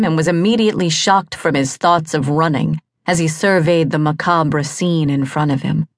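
A woman narrating an audiobook in a measured, dramatic storytelling manner. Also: sits low, dry recording, studio quality.

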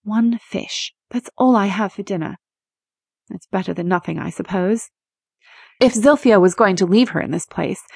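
A woman narrating a romance audiobook in a measured, expressive reading. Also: mid-range voice, no room sound, clean studio sound. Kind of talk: scripted narration.

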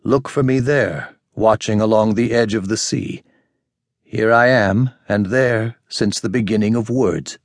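A man voicing a brooding, weary young man who speaks quietly and wistfully. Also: mid-range voice, animated, brisk, no room sound, studio quality. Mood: musing.

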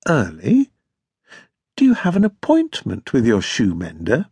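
A man voicing a sharp, jealous young woman with a quick, accusing tongue in an audiobook. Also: medium pitch, huge pitch swings, slightly rough, dry recording, pitched below the performer's own voice, full character voice. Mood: knowing. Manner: tart and accusing.

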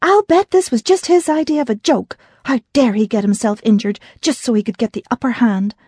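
A woman voicing a fiery young woman defending her farm, sharp and indignant. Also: a little high, fairly quick, husky, dry recording, studio quality. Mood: furious.

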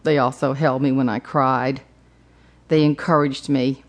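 A woman's voice: rumbling low, steady tone, a little slow. A woman narrating her own memoir audiobook, humorous with playful emphasis.

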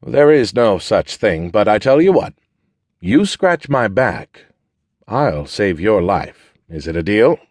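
A man's voice: on the low side, big pitch swings, slow, darkish tone, no room sound, clean studio sound, full character voice. A man voicing a wounded man stuck in bed who jokes and teases in an offhand way. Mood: wry. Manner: joking, offhand, teasing.

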